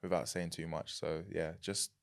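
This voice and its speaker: A young man with a London accent, chatting as a podcast guest, animated and quick to laugh. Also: deep voice, gravelly, clean tone. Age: young adult. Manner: animated, laughs easily, repeats words. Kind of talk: casual chat.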